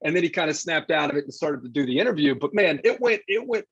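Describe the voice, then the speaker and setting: A man telling a lively story as a guest in a casual interview, acting out the quotes he tells. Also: on the high side, quick pace, husky, no echo, highs cut off. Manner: animated anecdote-teller, acts out quotes. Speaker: sports broadcaster guest.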